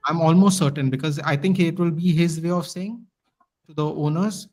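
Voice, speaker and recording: A man as a guest on a podcast, talking in a casual, animated, ranting way. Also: fairly high pitch, moderate pace, rough recording. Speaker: guest fan commentator.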